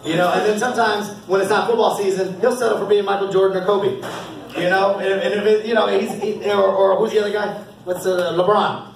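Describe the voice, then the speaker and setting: A man with a high voice speaks as a youth football coach handing out awards at a team banquet. He is upbeat and encouraging, laughing often. The sound carries the echo of a big hall, heard from some distance off the mic. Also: fairly even intonation, a little fast, creaky, a little hiss or hum.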